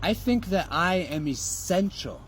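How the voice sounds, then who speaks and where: A man's voice: high voice, lively intonation, unhurried, a little hiss or hum. A man giving a motivational monologue in an emphatic, preachy way, with rhetorical questions and some swearing.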